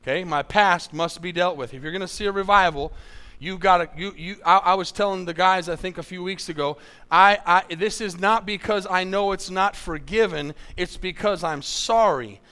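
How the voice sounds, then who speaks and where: A man's voice: high voice, moderate pace, pushed and bright, smooth. A man preaching a sermon as pastor, repeating key lines for emphasis and asking his congregation for amens.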